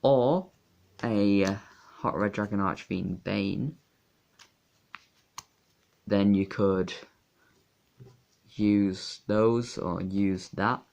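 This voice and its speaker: Young man, low voice, casual rambling, halting with fillers, hobby video talk. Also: vocal fry, darkish tone. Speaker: card game youtuber. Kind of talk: casual deck profile talk.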